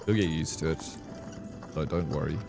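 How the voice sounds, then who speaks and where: A man's voice: rumbling low, moderate pace, creaky, music in the background, voice pushed down. A man voicing a chatty, folksy old male peddler in a video game, rambling in homely talk.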